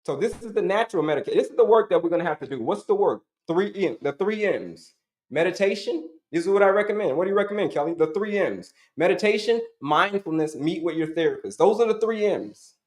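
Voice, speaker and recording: A man's voice: sits high, animated, brisk, darkish tone, roomy sound. A middle-aged man giving an emphatic, repetitive health coaching talk, asking and answering his own questions to the audience.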